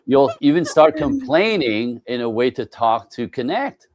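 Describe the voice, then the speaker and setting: A man's voice: mid-range voice, animated, unhurried, noisy background. A man speaking as a relationship coach in an interview, emphatic, constantly checking in with "right?" and acting out other people's voices. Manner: emphatic, repeats "right?", slips into mimicking voices. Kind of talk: animated interview talk.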